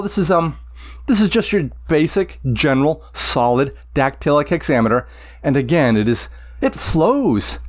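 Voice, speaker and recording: Enthusiastic male Latin teacher, slightly high. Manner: enthusiastic, deliberate, chants rhythms aloud. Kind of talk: explaining poetic meter to listeners.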